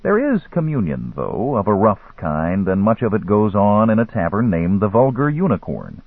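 A man's voice: fairly low pitch, sing-song, normal speed, slightly rough, no echo. A man narrating an audiobook in a wry storytelling manner, on a dry, phone-like recording. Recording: dry, phone-like narrow sound.

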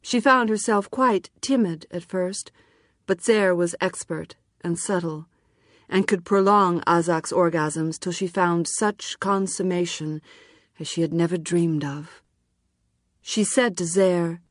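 Woman narrator, low voice, dry close recording, calm measured audiobook read. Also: no room sound.

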